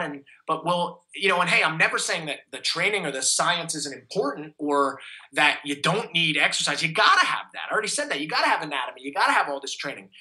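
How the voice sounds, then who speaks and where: A man's voice: high voice, bright, forceful tone, rough recording. A man, giving an enthusiastic, motivational interview as a fitness coach. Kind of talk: energetic interview talk.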